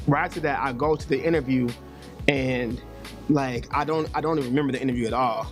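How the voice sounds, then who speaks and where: A touring rapper telling a wild story in an animated way, acting out the people in it. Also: male voice, fairly high pitch, fast talker, vocal fry, faint music behind. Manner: animated storytelling, acts out voices.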